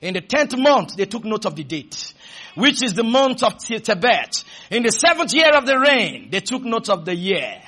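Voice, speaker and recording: A man preaching a fervent sermon, shouting at times and leading the congregation in call-and-response. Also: high-pitched, sing-song, normal speed.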